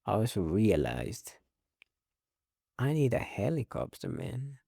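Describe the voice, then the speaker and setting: A man with a low, gravelly voice hosts a loose solo talk show at an unhurried pace. His tone is dark and mellow, and the sound is close and dry. He rambles, swears casually and laughs at his own jokes. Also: very animated, dry recording. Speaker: podcast host.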